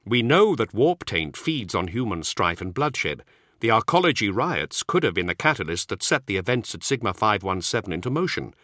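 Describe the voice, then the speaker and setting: Man doing earnest warrior-monk, insistent, lively pitch, dry close sound. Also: moderate pace, no echo. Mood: explaining.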